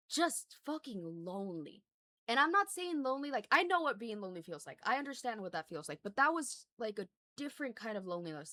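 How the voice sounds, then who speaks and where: A woman streamer talks through a story at a middle pitch, rambling with lots of fillers, restarts and casual swearing. She sounds earnest as she describes what she felt. Her voice is close and dry, with no room sound. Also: fairly bright tone, no echo. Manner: earnest and emotional when recounting.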